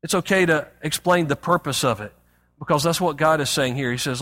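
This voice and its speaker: A man preaching a sermon as pastor, reading scripture aloud and speaking with expressive emphasis. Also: on the high side, fairly quick, long reverb tail.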